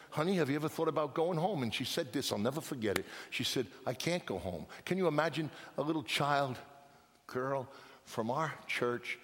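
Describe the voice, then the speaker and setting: A man preaching a sermon, telling a story with hushed lines and emphatic outbursts. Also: medium pitch. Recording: long reverb of a large hall.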